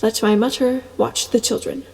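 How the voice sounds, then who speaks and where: A woman's voice: a little high, moderate pace, creaky. Eager young composer, read by a woman. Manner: excited, eager. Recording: long reverb, soft music beneath.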